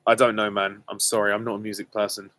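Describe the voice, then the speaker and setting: A young British man hosting a live viewer Q and A, answering casually and candidly with many pauses and ums. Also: fairly low pitch, little pitch movement, a bit bright. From Britain. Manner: hesitant, many ums, candid and self-deprecating. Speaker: channel host answering viewer questions.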